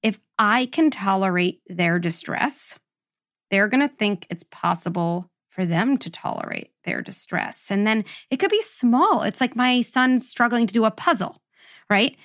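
A woman's voice: medium pitch, lively intonation, unhurried, fairly bright tone. A woman hosting an interview as a parenting psychologist, explaining her ideas emphatically with lots of "like" and "right?". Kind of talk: interview conversation.

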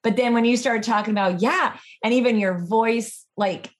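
A woman's voice: on the high side, moderate pace. A woman hosting a casual podcast interview, reflecting on her guest's story in an encouraging way. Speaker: podcast host.

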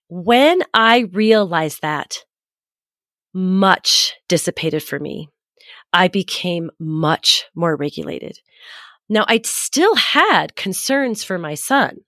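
A woman's voice: on the low side, expressive, takes it slowly, fairly bright tone, no echo, clean studio sound. A woman in her forties hosting a parenting podcast, telling a personal story candidly and acting out what people said. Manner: candid, reflective, acts out quoted voices.

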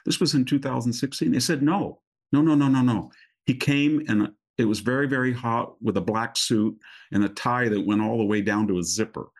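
An older man, a guest commentator, telling stories in a political talk show conversation and quoting others in animated asides. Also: on the low side, gravelly.

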